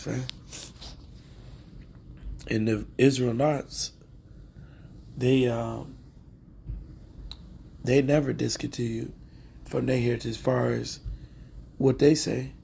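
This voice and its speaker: A man's voice: medium pitch, gravelly, a little mellow, a little hiss or hum. A man giving preachy religious commentary, reading scripture aloud and checking in with listeners again and again. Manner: preachy, keeps asking "all right?".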